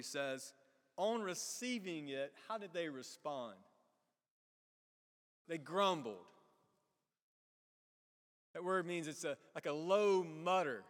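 A man's voice: a little high, long reverb tail. A man preaching a sermon. He keeps asking the congregation questions and acts out the characters in the story. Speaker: pastor.

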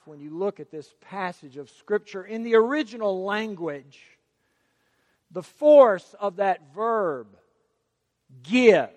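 A man's voice: sits high, dry recording, in a large hall. A man preaching a sermon, emphatic and stressing key words by repeating them.

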